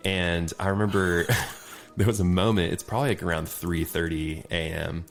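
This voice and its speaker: A man, a podcast guest, telling casual anecdotes in an animated way and often laughing between them. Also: sits low, moderate pace, gravelly. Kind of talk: casual storytelling chat.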